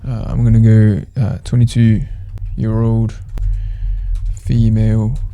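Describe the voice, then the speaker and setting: A man with a low, gravelly voice walks through a software demo in an easygoing, offhand way. His delivery stays flat and even, with a dark, mellow tone. He thinks aloud as he types. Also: takes it slowly, highs cut off. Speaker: tutorial host. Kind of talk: casual screen-recorded software walkthrough.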